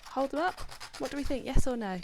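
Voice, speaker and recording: A woman's voice: high-pitched, expressive, quick pace, background noise. Encouraging woman teaching children phonics. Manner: encouraging, praises children by name, counts down. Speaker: homeschool teacher. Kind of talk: live online phonics lesson for children.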